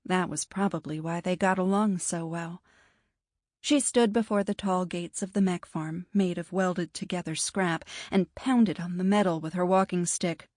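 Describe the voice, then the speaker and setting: This scripted fantasy audiobook narration is by a woman whose voice sits on the low side. She tells the story in a calm, even way, and the recording is clean studio sound without any room tone.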